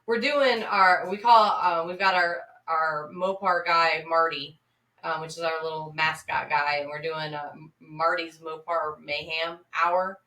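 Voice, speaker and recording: A woman co-hosts a casual podcast, her voice bright and forceful with a slightly low pitch. She sits back from the mic in a roomy, echoing space. She talks chattily, with frequent ums. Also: steady tone, unhurried, far from the mic. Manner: chatty, promotional, many fillers. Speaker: podcast co-host. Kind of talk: casual chat.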